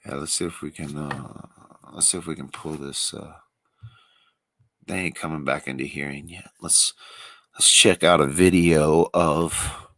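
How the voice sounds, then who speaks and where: A man's voice: rumbling low, fairly even intonation, unhurried, a bit bright. Male livestream host, rambling and wry, close dry sound with no room echo. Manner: rambling, wry, thinking aloud. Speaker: livestream commentator. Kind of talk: casual live commentary.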